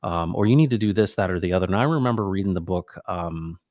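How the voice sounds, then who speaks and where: A middle-aged man hosting a casual talk, reflective and animated, acting out the people in his stories. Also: low voice, fast, no room sound. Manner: animated, acts out quoted dialogue; reflective, faith-minded musing. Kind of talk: casual conversational storytelling.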